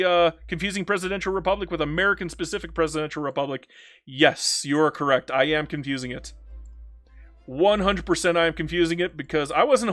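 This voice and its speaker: A man from Canada, a strategy game streamer, chatting casually as he reads viewer comments and answers them in a blunt, rambling way that swings between animated and subdued. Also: high voice.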